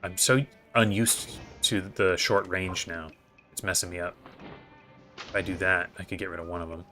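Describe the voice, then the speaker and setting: A man's voice: low voice, fairly even intonation, normal speed, sharp tone, faint music behind. A man giving casual gameplay commentary as host, thinking aloud in a hesitant way with many fillers. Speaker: gaming video host.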